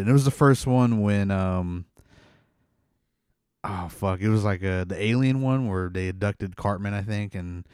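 A man's voice: lowish voice, a little mellow, clear, resonant tone, dry recording, studio quality. A man chatting casually and telling a childhood story, full of fillers, swearing and laughter. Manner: laid-back, lots of fillers, swearing, laughs while telling stories.

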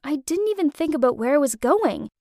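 High-voiced woman narrating her story. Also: big pitch swings, a little fast, mellow, no room sound, studio quality. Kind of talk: first-person storytelling narration.

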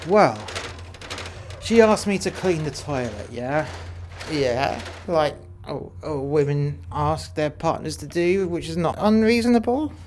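A man's voice: on the high side, animated, a little slow, background noise. A man in casual game role-play chat, crude and heavily profane, rambling through stories as he goes. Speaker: player in prison role-play.

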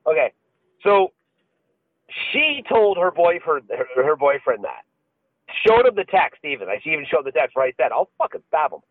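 A man's voice: a little high, sing-song, normal speed, pauses often, dry recording. A man co-hosting a podcast, telling a story with lots of swearing and laughter in casual chat. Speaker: podcast co-host. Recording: dry, phone-like lo-fi sound.

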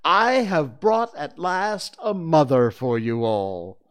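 A man voicing a boastful, hot-tempered boy leader in a storybook reading, speaking loudly in a high, declaiming voice. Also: very animated, slow, exaggerated voice. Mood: proud.

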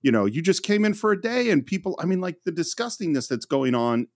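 Brief: male film podcast host, emphatic and animated, dry close mic. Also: fairly high pitch, a little fast, no room sound. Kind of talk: casual chat.

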